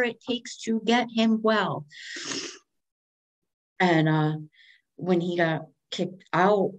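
A woman's voice: mid-range voice, unhurried. A middle-aged woman speaking as a guest, telling a personal story candidly and expressively, acting out what people said. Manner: candid and expressive, acts out quoted speech.

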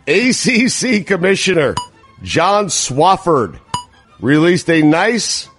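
Man, sports radio co-host, dry joke delivery, slightly high voice, unhurried. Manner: wry, deadpan delivery of jokes. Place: home, video call.

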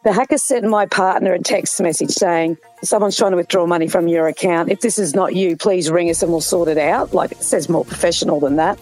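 A woman, an interviewee telling in a chatty, animated way how she and her partner were scammed. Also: lowish voice, fairly quick, hardly any pauses, soft background music, poor audio. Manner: chatty, animated storytelling with laughs. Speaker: interviewee, scam victim. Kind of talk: emotional retelling in an interview.

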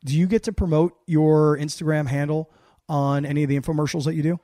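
A man's voice: a little high, fairly even intonation, quick pace, mellow, no room sound, studio quality. A man hosting a podcast interview in a guest's home, eagerly asking questions and chiming in. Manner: eager interviewer, chimes in with short agreements. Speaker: podcast host. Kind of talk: casual interview.

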